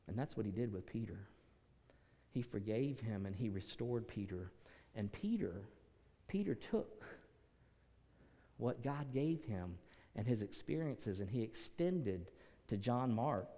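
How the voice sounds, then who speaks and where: A male pastor preaching a sermon, swinging from quiet, earnest passages to loud, dramatic peaks. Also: mid-range voice, long reverb tail.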